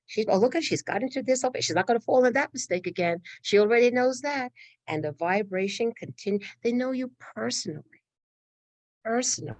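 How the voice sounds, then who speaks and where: A woman's voice: on the high side, lively intonation, brisk, no echo. A middle-aged woman giving a spiritual talk, laughing often and acting out inner voices. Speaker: spiritual teacher.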